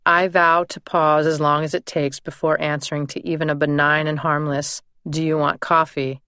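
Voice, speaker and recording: A woman narrating her own memoir in a measured, deliberate first-person reading. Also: deep voice, little pitch movement, bright, forceful tone, dry recording, studio quality.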